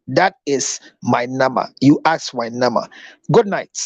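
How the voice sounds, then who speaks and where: A man's voice: mid-range voice, lively intonation, unhurried, dry recording. A man with a Ghanaian accent, a counselor and show host, giving upbeat promotional announcements and repeating phone numbers.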